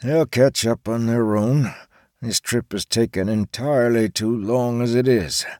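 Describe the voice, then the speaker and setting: A man's voice: medium pitch, a little slow, a little mellow, no room sound, studio quality, voice pushed up, natural voice. A man doing a grumpy old grandfather. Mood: weary. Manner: blunt, matter-of-fact. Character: grumpy old grandfather who dislikes talking. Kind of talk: audiobook character voice.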